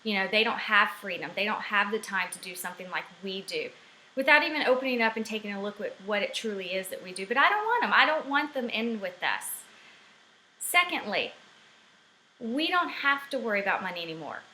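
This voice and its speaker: A woman's voice: mid-range voice, big pitch swings, a little fast, pushed and bright, echoey room, a little hiss or hum, rough recording. A middle-aged woman ranting animatedly in a casual vlog from her home office. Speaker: network marketing vlogger.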